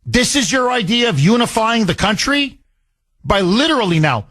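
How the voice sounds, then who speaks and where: A man's voice: high voice, sing-song, normal speed, fairly bright tone. A man hosting a talk radio show, delivering an indignant monologue full of rhetorical questions.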